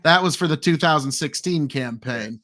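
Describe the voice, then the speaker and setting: A man with a high, bright voice hosts a loose, jokey chat. He hams up his introductions and trades wry remarks with his friends. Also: moderate pace. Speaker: podcast host. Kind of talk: casual chat reacting to old posts.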